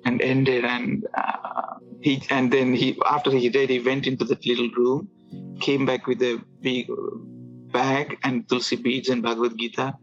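Male guest, halting storyteller, middle pitch, dull lo-fi recording with faint music behind. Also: flat delivery. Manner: halting, with restarts and filler words. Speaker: guest telling his conversion story. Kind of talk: casual storytelling.

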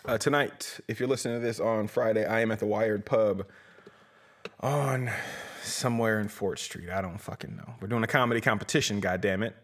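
This young man has a fairly low voice and speaks a little fast. He hosts a comedy podcast and promotes comedy, rambling through profane, jokey plugs for his shows in a casual comedic rant.

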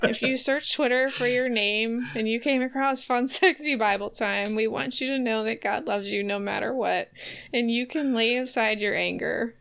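A woman's voice: on the high side, moderate pace, creaky, fairly bright tone, smooth. A woman hosting a podcast in playful, giggly casual chat. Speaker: podcast host.

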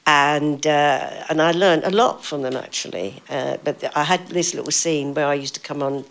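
A woman's voice: sits low, moderate pace. An older woman telling stories as an interview guest, chatty, laughing often and acting out what people said. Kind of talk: casual anecdotal storytelling.

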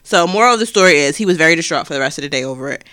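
A woman's voice: deep voice, lively intonation, racing, sharp tone, no room sound, clean studio sound. A young adult woman, a teacher and podcast co-host, telling a story in casual chat and acting out the voices of people she quotes.

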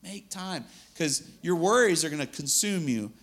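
A man's voice: on the high side, lively intonation, moderate pace, a bit bright, breathy edge. A man preaching a sermon in an earnest, conversational way, laughing now and then between points.

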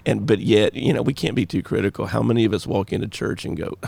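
A man's voice: lowish voice, fast talker, hardly any pauses, no echo. A middle-aged man, a pastor, talking casually and joking on a church podcast. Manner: animated, joking, gravelly.

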